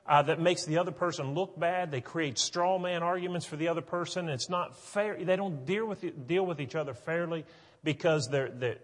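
A man's voice: fairly high pitch, long reverb tail. A male pastor preaching a sermon earnestly, pushing into emphatic points.

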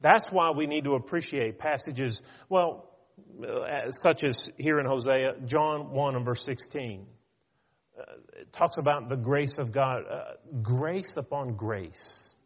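A man preaching a sermon in an earnest, pleading way, asking his listeners questions and slowing down to stress his points. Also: medium pitch, husky, big-room sound, highs cut off. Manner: earnest, pleading, rhetorical questions, slows for emphasis.

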